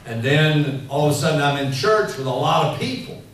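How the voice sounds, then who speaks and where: Preacher in a very echoey hall. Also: male voice, fairly high pitch, fairly quick. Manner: rambling, animated storytelling with many fillers. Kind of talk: sermon. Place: church hall. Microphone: handheld mic. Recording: echoey hall, mic heard from far off, faint noise.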